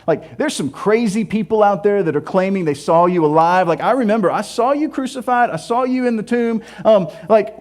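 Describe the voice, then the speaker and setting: A man voicing Saul as a flustered, zealous man who protests in a hurried rush. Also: high-pitched, voice pushed up, lightly acted.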